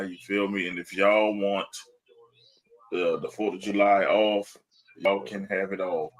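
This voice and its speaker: Laid-back joking man hosting a podcast. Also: fairly low pitch. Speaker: podcast host. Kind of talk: casual sports podcast chat.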